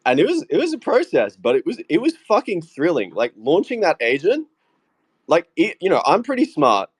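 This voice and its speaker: An Australian man and AI agent developer chatting excitedly on a group call, swearing freely and laughing often. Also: fairly high pitch, normal speed, breathy edge.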